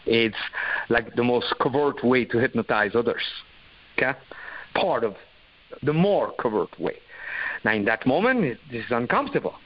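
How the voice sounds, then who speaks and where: A man coaching on dating and communication in an animated, profane way, often acting out quick lines of others. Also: mid-range voice, dull audio. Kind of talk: coaching talk.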